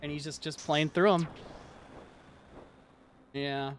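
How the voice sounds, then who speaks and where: A man's voice: a little high, takes it slowly, soft background music. A man streaming live, chatting casually and rambling, with lots of "like" as he tells stories. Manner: rambling, heavy use of "like", animated storytelling. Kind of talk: casual livestream chat.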